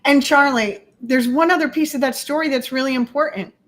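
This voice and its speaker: A woman's voice: sits high, brisk, fairly bright tone. A woman hosting a talk show, encouraging her co-host and prompting him to tell more. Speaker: podcast host. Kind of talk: casual interview chat.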